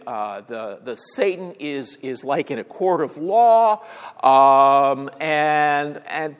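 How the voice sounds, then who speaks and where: A man preaching a sermon, telling the story conversationally and often checking in with "all right?". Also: a little high. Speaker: pastor. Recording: long hall reverb.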